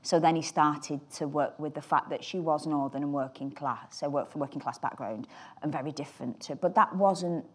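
Speaking in a deep, husky voice at a moderate pace, a Northern English actress relaxes into an interview. She's chatty and anecdotal, rambling about her roles and often leaving sentences unfinished.

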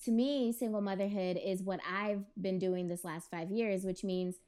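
A woman co-hosting a casual talk show at a medium pitch. She is blunt and outspoken, and laughter keeps breaking into her chat. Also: fairly even intonation, moderate pace, dark tone, clear, resonant tone.

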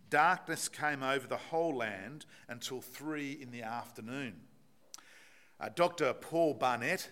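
A man's voice: mid-range voice, a bit bright. A man preaching a sermon, explaining a Bible passage and putting rhetorical questions to the congregation.

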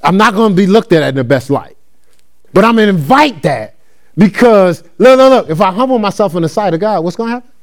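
A man with a high-pitched voice speaks a little fast as he preaches a conversational sermon. He teaches in an animated, repetitive way, repeating phrases and checking in with listeners in call-and-response fashion.

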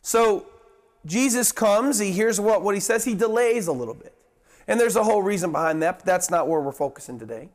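A man's voice: high voice, expressive, brisk. A man preaching a sermon, emphatic, piling up repeated words in long lists and sometimes restarting himself.

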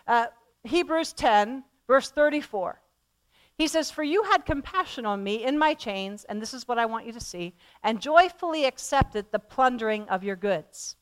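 Smooth-voiced woman preaching a sermon. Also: a little high, lively intonation, normal speed. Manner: impassioned, swinging from loud emphatic repetition to hushed near-whisper.

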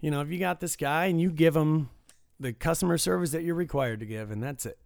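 A man's voice: on the high side, fast talker, creaky, darkish tone, no echo, studio quality. A man chatting casually and emphatically about customer service at work. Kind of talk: casual chat.

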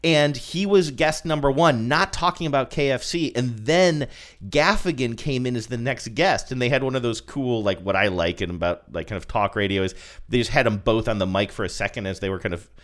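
A man's voice: medium pitch, a little fast, a bit bright. Chatty male podcast co-host. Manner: rambling, chatty, with laughs. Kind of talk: casual chat.

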